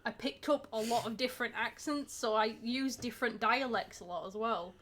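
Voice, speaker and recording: A woman's voice: fairly high pitch, moderate pace, a bit bright. A woman with a Yorkshire accent, talking casually on a podcast, chatty and laughing often, with the odd swear word. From Yorkshire, England. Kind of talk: casual chat.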